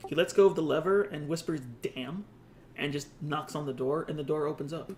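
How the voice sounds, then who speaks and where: A man's voice: a little high, fast, a little mellow, slight background noise. A man running a tabletop game as game master, describing scenes with asides and restarts.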